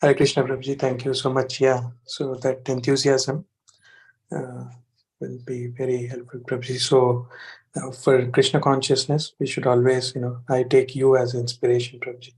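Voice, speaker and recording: Flat-voiced man, distant on a call. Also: medium pitch, normal speed. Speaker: class participant. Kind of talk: casual remarks on a call.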